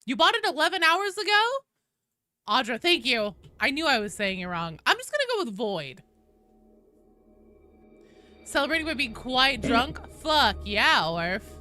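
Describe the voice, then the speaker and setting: A sleep-deprived woman streamer chatting to her audience in a bright, fairly high voice that swoops up and down a lot. She talks casually and swears freely, with faint music playing behind her. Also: a little slow, long pauses, no echo. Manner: animated, swears casually, reads out chat names. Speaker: game streamer. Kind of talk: casual live-stream chat.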